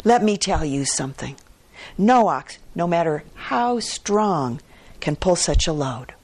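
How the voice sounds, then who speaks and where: A woman's voice: fairly low pitch, expressive, slow, heavily acted. A woman voicing a wealthy, smug male merchant who scoffs and lectures with confidence. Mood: scoffing, confident.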